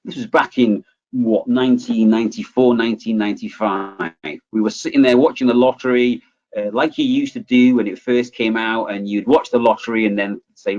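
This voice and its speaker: A man's voice: medium pitch, moderate pace. Chatty man presenting a webinar. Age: 40s. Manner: chatty, lively, acts out quoted voices. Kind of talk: motivational talk with personal storytelling. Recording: slightly muffled webinar audio.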